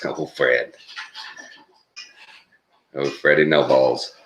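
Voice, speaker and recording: A man's voice: rumbling low, steady tone, drawn-out words, fairly bright tone, poor audio. An older man from Texas with a Texan drawl, rambling folksy and chuckling through a casual morning vlog. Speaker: vlogger.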